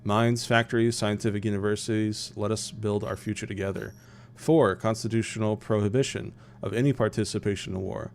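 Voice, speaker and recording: A man reading out a male political leader's solemn speech to the nation in his own lowish voice. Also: steady tone, fairly quick, creaky, a little hiss or hum. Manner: solemn, declamatory.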